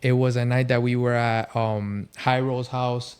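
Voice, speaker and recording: A man's voice: medium pitch, level tone, a little slow, a little mellow, smooth. A man speaking as a podcast guest, telling his faith story in a loose, rambling way, full of fillers. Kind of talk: casual testimony storytelling.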